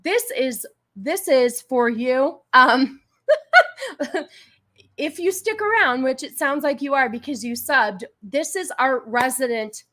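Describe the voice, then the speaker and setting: A woman with a fairly high voice runs her live stream in a loose, casual way. She argues with chat in an exasperated tone and stops to thank donors. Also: measured pace, sharp tone. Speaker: livestream host. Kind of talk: casual political commentary stream.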